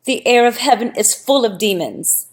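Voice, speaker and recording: A woman's voice: on the high side, lively intonation, normal speed, voice pushed up, natural voice. A woman voicing a shaken young man in a scripture audiobook, emphatic and solemn. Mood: fearful. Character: young man, shaken, warning his brother.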